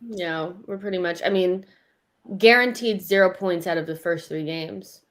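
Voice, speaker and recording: A woman's voice: fairly low pitch, moderate pace, a bit bright. A woman hosting a live football watchalong, chatting casually and reacting with wry exasperation. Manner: wry, exasperated, laughing along. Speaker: host.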